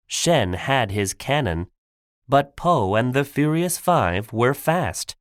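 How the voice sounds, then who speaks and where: A man narrating a simple graded-reader audiobook for learners, clear and deliberate. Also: medium pitch, very animated, dry recording, studio quality.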